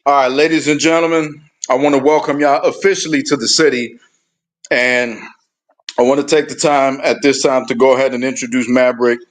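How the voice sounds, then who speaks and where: A man's voice: medium pitch, steady tone, a little fast. A man hosting a live stream, ranting heatedly and cursing in a drawling voice. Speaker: show host.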